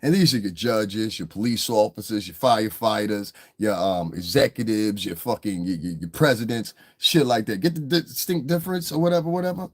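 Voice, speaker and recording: A man's voice: on the low side, a little fast, hardly any pauses. A man in a casual livestream rant, talking in a blunt, heated, profane way as the show's commentator.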